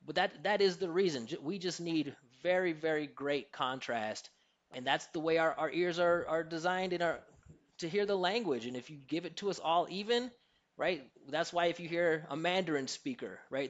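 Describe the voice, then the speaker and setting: A man's voice: fairly high pitch, lo-fi sound. A man with an American accent, an accent coach answering interview questions in an emphatic, teacherly way and demonstrating pronunciations.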